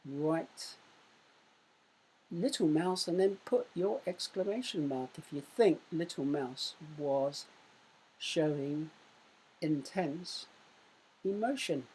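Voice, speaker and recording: A woman teaching a recorded primary school lesson. She speaks clearly and raises her voice to show exclamations. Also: deep voice, animated, a little hiss or hum. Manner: slow, clear teaching voice that loudly acts out exclamations.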